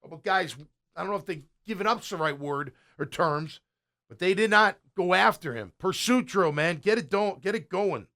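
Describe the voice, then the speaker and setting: Reviewing game tape at normal speed, a middle-aged man with a fairly high voice gives a casual running commentary. Blunt and excitable, he shouts praise and then mutters softly to himself, sounding like a sports show host in conversation.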